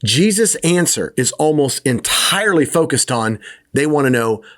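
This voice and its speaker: A man's voice: medium pitch, expressive, moderate pace, fairly bright tone. A man teaching a Bible lesson in a casual, conversational way, sometimes acting out the disciples' questions in a raised voice.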